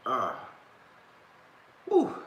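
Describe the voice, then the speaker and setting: A man's voice: drawn-out words, highs cut off. A man casually telling a long personal story to his viewers, rambling with restarts and slang. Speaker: host of a talk stream. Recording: echoey room with faint background noise.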